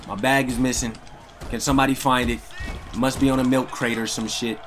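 A young man giving loud, slangy live commentary while playing a fighting game, trash-talking his opponent and swearing often. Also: mid-range voice, level tone, a little fast, music in the background. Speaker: gaming streamer.

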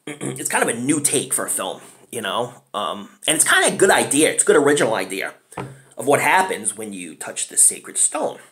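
A man giving a casual, rambling film review, chatty and often clearing his throat. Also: mid-range voice, fairly bright tone. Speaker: movie reviewer.

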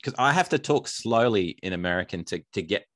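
An Australian man with a very deep voice chats as an interview guest, rambling and poking fun at himself. The sound is close and dry, with no room around it. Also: lively intonation, brisk, a bit bright, dry recording. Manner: self-deprecating, rambling. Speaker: author and musician guest. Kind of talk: casual interview chat.

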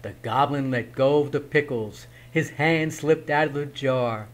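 A man reading a picture book aloud in a slow, expressive storytelling manner. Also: mid-range voice. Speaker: reader.

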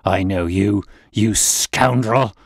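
A man voicing a huge, menacing old man who shouts threats in a blustering way. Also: deep voice, takes it slowly, creaky, no room sound, clean studio sound, voice pushed down, full character voice.

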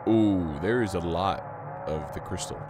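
A man's voice: low voice, a little slow, background noise. A young man giving casual, sarcastic let's play commentary, reading game text aloud and swearing now and then. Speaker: gamer. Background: game music.

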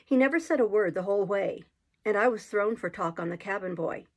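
A woman reading a classic adventure novel aloud in a steady, measured storytelling manner. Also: mid-range voice. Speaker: reader.

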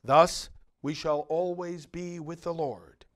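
A man's slightly raised voice leads a liturgical reading and homily. He is middle-aged and moves at a very slow, deliberate pace, setting off each phrase with quiet solemnity. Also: a little high, fairly even intonation. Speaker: priest.

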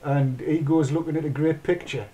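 A middle-aged man hosts a casual chat show, rambling along and narrating what he's doing as he does it. His voice is slightly high and mellow, with fairly even intonation at normal speed.

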